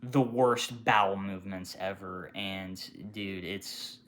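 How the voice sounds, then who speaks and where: A young man casually ranting about his retail job, swearing freely and mimicking customers with sudden shouts. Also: low voice, steady tone, slow pace, slight background noise. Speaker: retail worker telling customer stories. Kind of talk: casual storytime rant.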